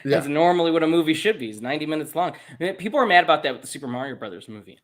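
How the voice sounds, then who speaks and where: A man's voice: fairly high pitch, animated, very fast. A man co-hosting a movie podcast in casual chat, upbeat and jokey, laughing often. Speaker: podcast co-host.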